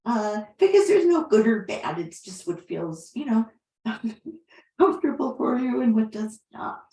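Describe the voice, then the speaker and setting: A woman yoga teacher guiding a class with gentle, unhurried cues and soft affirmations. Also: a little high, very animated. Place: class room. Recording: roomy echo.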